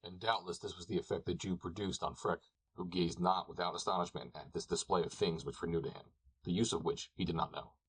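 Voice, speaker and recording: A man narrating an audiobook, reading calmly and evenly. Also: sits low, fairly quick, husky, rough recording. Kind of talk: scripted narration.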